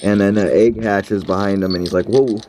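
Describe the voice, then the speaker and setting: A man with a lowish voice rambles through casual game commentary, stumbling over fillers and restarts as he makes up stories. Faint music plays softly behind him. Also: flat delivery, brisk. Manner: rambling, filler-heavy, offhand storytelling.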